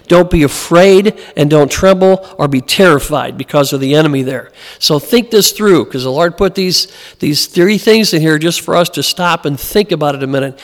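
A man preaching a sermon as pastor, in a conversational style that acts out the voices he quotes. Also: a little high. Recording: long hall reverb.

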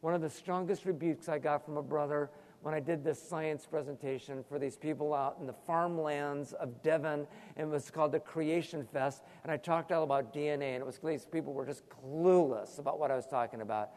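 Animated preacher man in a reverberant hall. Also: a little high, fairly quick, hardly any pauses. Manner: animated preaching with sudden emphatic rises. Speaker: pastor. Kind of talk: sermon.

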